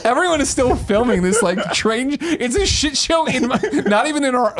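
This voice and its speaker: A man's voice: very high voice, lively intonation, moderate pace, a bit bright. A man in his thirties from the American Midwest, a podcast host telling a comic story with lots of laughing and swearing.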